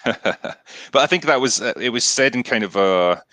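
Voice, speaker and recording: A man's voice: mid-range voice, animated, normal speed, bright, forceful tone, dry recording. A man casually recapping an action film scene by scene, with frequent ums and restarts. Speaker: podcast host.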